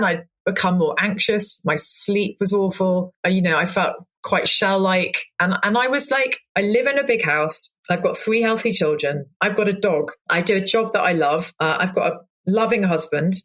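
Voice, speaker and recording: A woman's voice: medium pitch, moderate pace, hardly any pauses, fairly bright tone. A woman in her forties, a cook, talking candidly in a podcast interview, rambling with restarts and acted-out quotes. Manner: open, rambling, with many restarts and quoted asides. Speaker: guest cook.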